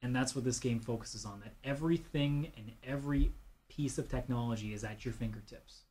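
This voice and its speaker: A man's voice: mid-range voice, fairly quick, darkish tone, slight background noise. A man from Canada hosting a casual podcast, telling a story in a rambling way and acting out the quotes. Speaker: podcast host.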